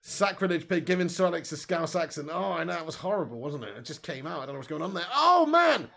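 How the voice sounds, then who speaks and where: A young man hosts a live football watch-along, calling the play and reading out viewer comments. His voice sits a little high, with a gravelly edge. He is chatty and laughs easily. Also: quick pace. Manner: chatty, laughs often, reads out chat comments. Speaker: host.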